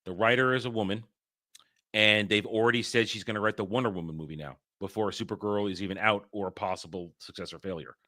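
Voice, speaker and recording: A podcast host, a man with a middle-pitched, very bright, sharp voice. He talks in a hesitant, halting way, and the sound is close and dry with no room. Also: no room sound. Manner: hesitant, rising to excited. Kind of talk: casual chat.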